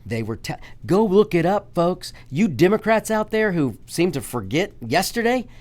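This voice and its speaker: A man's voice: sits high, very animated, moderate pace, darkish tone. A man hosting a political talk radio show, delivering an emphatic, repetitive monologue and calling his listeners "folks.".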